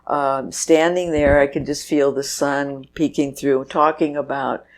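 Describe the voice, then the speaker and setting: Her voice rumbles low and stays fairly even in intonation, and she speaks unhurriedly. She is an older festival organizer being interviewed on a show, telling stories in a casual, chatty way and laughing as she talks.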